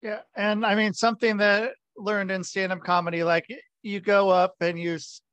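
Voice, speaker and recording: High, smooth-voiced male podcast host. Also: level tone, a bit bright, no echo, lo-fi sound. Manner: halting, loosely phrased questions. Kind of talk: casual interview chat.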